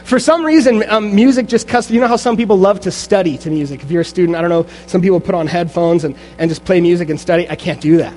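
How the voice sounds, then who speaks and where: A young adult man preaching a sermon in church, lively and full of restarts, turning quiet and slow for a guided meditation. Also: high-pitched, a little hiss or hum. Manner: energetic with frequent restarts, then hushed guided meditation. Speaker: pastor. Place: church sanctuary.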